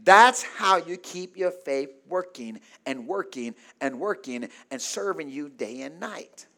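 A man preaching a sermon in call-and-response style, asking the congregation to finish his sentences and swinging between shouts and low murmurs. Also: expressive, a little slow, creaky. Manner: call-and-response, asks the congregation to fill in words.

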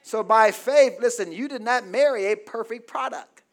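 A man a sermon, calling for amens and swinging between shouted peaks and soft low asides. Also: moderate pace. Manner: call-and-response preaching, asks congregation for amens. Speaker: preacher.

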